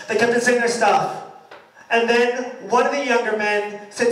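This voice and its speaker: Animated man telling a story in a roomy loft. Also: very high-pitched, normal speed. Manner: animated, dramatic retelling with quoted shouts. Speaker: singer telling a story before his song. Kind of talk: storytelling to a live audience. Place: party loft at a bookshop, live event. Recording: roomy, distant live-venue mic.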